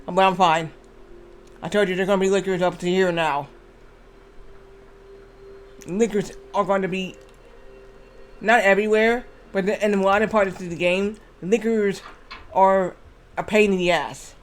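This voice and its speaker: High-voiced rambling male streamer. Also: fairly even intonation, measured pace, long pauses, slight background noise. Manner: rambling, restarts, swears freely. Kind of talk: casual gameplay commentary.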